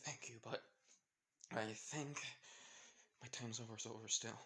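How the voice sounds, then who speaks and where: A man voicing a weak, dying young mother who speaks in soft, faltering near-whispers. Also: medium pitch, fairly even intonation, unhurried. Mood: fading.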